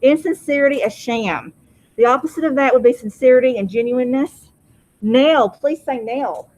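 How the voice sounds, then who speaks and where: A woman teaching a high school vocabulary lesson in a classroom, having students repeat each word. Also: moderate pace, a little mellow, low-quality recording. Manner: drills pronunciation, asks class to repeat words.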